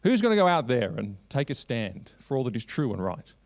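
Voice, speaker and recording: A man giving a preached keynote at a conference, quoting scripture and building long repeated lists, swinging between raised, urgent lines and low, quiet asides. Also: very animated, fairly quick. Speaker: Christian lobby director giving a keynote.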